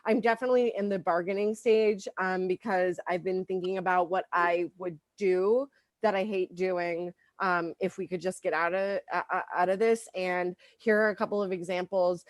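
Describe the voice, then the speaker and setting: A woman's voice: on the low side, fairly even intonation, normal speed, no echo. A woman doing a stand-up comedy set, rambling with lots of ums and likes.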